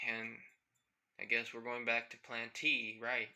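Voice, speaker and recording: A man voicing a goofy, excitable young electric hero boy in a fan-made story, shouting as he strains. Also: mid-range voice, measured pace. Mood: rambling.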